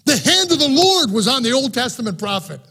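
Male preacher, sermon, high voice, husky, reads scripture then preaches with fervor. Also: big pitch swings, a little fast, sharp tone.

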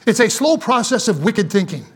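Emphatic, folksy preacher, a man with a high voice, sermon delivery. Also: very animated, moderate pace, slightly rough.

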